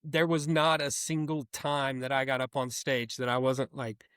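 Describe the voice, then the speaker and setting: A man co-hosting a metal podcast, telling stories in an animated, chatty way with frequent laughter. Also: medium pitch, moderate pace, clear, resonant tone, no room sound, studio quality. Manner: animated storyteller, laughs often. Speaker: podcast co-host. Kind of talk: casual chat.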